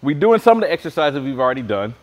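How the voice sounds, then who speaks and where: A man's voice: on the high side, sing-song, fast talker. A man leading a virtual PE class, joking and bantering with his co-coach while calling out exercises. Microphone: clip-on mic pack.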